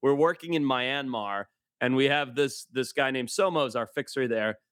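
A man, a guest adventurer, telling a story in an animated way and acting out the people in it. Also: medium pitch, moderate pace, no room sound, clean studio sound. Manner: animated, acts out the people in his stories. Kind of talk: casual storytelling.

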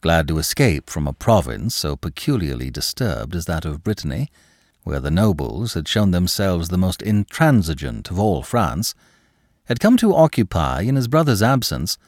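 Male audiobook narrator with a lowish, lively voice, close-miked and dry. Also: normal speed, no echo. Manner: expressive, theatrical phrasing. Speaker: podcast narrator.

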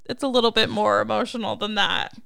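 A woman's voice: on the high side, steady tone, brisk, creaky, pushed and bright, smooth. A woman co-hosting a podcast, chatting casually through a recap, laughing often and acting out what characters say. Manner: laughs often, acts out characters' lines in quotes. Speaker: podcast co-host.

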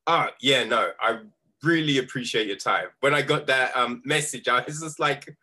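A male podcast host talks in a relaxed, casual manner with his guest. His voice sits at a middle pitch with a bright, clear tone. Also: moderate pace. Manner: relaxed, casual, swears lightly. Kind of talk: casual conversation.

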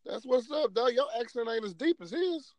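A man hosting a podcast, casual and animated, joking and laughing with his guest. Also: very high voice, moderate pace, no echo. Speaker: podcast host.

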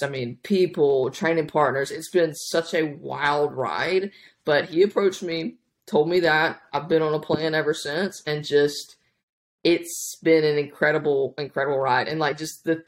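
Animated, rambling woman telling her story. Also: low voice. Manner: rambling, animated, many restarts. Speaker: podcast guest, powerlifting coach. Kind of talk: casual interview storytelling.

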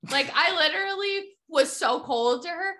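A woman's voice: very high voice, animated, moderate pace, sharp tone. A woman telling a story in casual chat, emphatic and heated as she stresses how upset she was.

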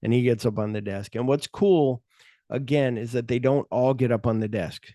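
Middle-aged man, dark and dry. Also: mid-range voice, moderate pace, dry recording. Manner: retells scenes with quoted lines, swears freely. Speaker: podcast host. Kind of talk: casual film chat.

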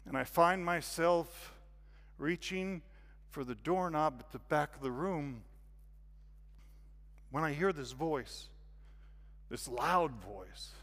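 Animated guest preacher in a hall. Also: male voice, a little high. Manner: animated, confessional, swings from hushed to loud. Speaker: guest speaker. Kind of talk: sermon storytelling. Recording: long reverb of a hall.

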